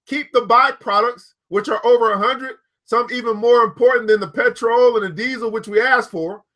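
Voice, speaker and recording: A man reading a book aloud to his listeners and stopping to comment, excitable and quick to whoop and laugh. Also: very high voice. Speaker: book reader and host.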